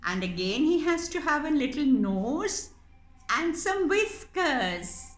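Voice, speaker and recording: A woman who makes puppets and tells stories for children explains a paper puppet craft to kids, speaking slowly and gently in a lively, sing-song voice. Her tone is high and bright, recorded in an echoey room with a faint hum in the background.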